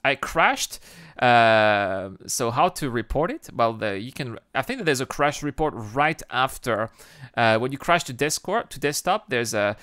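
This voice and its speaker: A man hosting a livestream, chatting casually with viewers and reading out their comments in an excitable way, often restarting his sentences. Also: medium pitch, measured pace, no room sound, clean studio sound. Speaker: livestream host.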